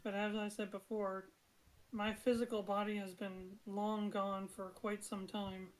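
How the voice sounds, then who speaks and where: Soft-spoken, measured ancient female spirit, grave and gentle, as a woman game master puts her on. Polite and unhurried in a tabletop role-play, in a voice of middling pitch. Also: little pitch movement, natural voice, low-quality recording. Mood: wistful.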